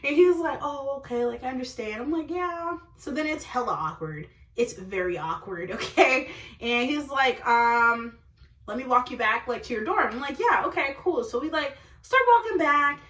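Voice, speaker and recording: Young woman vlogger, bright high voice, lively storyteller, echoey room, a little off mic. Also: moderate pace, far from the mic. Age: young adult. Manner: animated, laughs often, says okay and like a lot. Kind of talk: storytime vlog.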